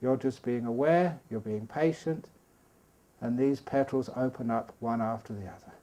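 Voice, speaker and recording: A man giving a calm, patient meditation talk at a retreat, speaking slowly with soft pauses. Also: medium pitch. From Australia. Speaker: meditation teacher. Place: retreat hall.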